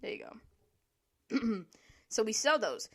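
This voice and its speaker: A woman's voice: on the high side, takes it slowly. A young woman telling work stories to camera in a casual, profane, laughing rant. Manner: profane, animated, laughing, exasperated. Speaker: vlogger.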